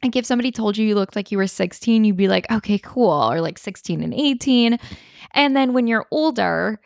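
A woman's voice: a little high, a little fast, gravelly, no room sound, clean studio sound. A woman in her twenties, a podcast co-host, telling a story in casual chat, full of "like"s and laughs. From Sacramento area. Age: 20s. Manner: animated storyteller, laughs often, many "like"s.

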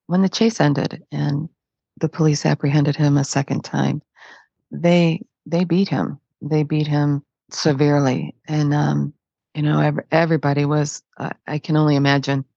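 A woman from Detroit, a podcast guest, retelling a painful personal story in a halting way, repeating her phrases. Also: low voice, flat delivery, vocal fry, mellow, husky, dry recording, lo-fi sound. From Detroit, USA.

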